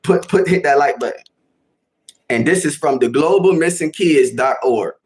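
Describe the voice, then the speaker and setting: A young man with a Chicago accent hosting a casual livestream, talking to his chat in a slangy, animated way and repeating himself for emphasis. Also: medium pitch. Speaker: livestream host.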